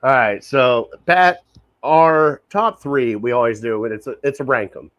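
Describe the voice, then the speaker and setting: A man's voice: mid-range voice, measured pace, a bit bright, dry recording, highs cut off. Upbeat man hosting a casual podcast. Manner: enthusiastic, laughs often, repeats himself. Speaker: podcast host. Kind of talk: casual sports podcast chat.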